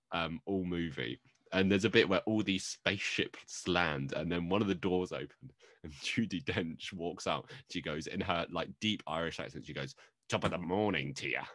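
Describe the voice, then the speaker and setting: A man's voice: deep voice, fairly bright tone, no echo, clean studio sound. A man co-hosting a podcast, chatting casually with rambling, joking asides. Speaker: podcast co-host. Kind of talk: casual chat.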